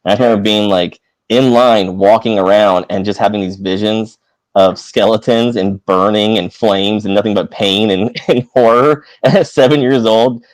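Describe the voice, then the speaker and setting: A man with a lowish voice tells a story at a quick clip, acting out the lines of the people in it. The sound is dry and close. He has the relaxed manner of a casual podcast chat. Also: dry recording, poor audio. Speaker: podcast co-host.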